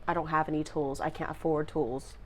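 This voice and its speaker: A young woman giving an intuitive tarot reading to her viewers, speaking in a halting, emotional way. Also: sits low, little pitch movement, a little hiss or hum. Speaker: tarot reader.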